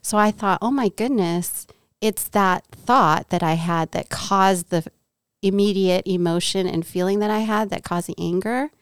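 A middle-aged woman from Southern California tells a personal faith story with an animated delivery, acting out the lines of the people in it. Her voice is smooth and clear, and the room sounds dry and close. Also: mid-range voice, moderate pace, dry recording. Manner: animated storyteller, acts out quoted dialogue. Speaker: podcast guest.

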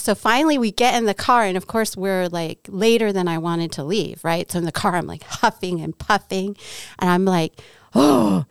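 A middle-aged woman from Southern California, a podcast guest, tells a personal faith story as an animated storyteller, acting out the quoted dialogue of the people in it. Her mid-range voice is smooth and clear at a moderate pace. The room sounds dry and close, with no room sound.

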